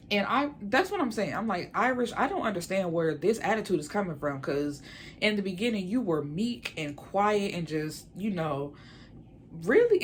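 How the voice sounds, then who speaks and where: A woman's voice: lowish voice, a little hiss or hum. A woman giving a blunt, heated, opinionated recap of a reality show in casual commentary. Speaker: reality TV reviewer.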